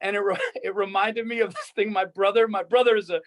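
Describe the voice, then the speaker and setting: A man's voice: high-pitched, fairly even intonation, a little fast. A man co-hosting a podcast who talks in loose, rambling casual chat and laughs easily. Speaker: podcast co-host.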